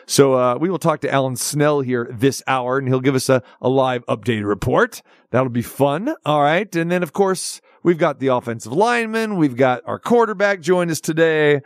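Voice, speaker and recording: A man's voice: mid-range voice, animated, moderate pace, no room sound, studio quality. A man hosting a sports radio show, talking in a casual, jokey, rambling way. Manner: jokey, rambling, switches dialects playfully.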